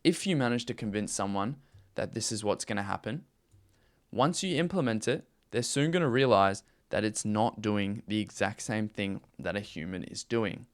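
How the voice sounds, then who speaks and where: A man's voice: fairly low pitch, animated, moderate pace. A man hosting a talk video and giving sales advice straight to the listener. He speaks emphatically, repeats his points and often checks in with "okay?" and "right?". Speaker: YouTube host and AI consultant.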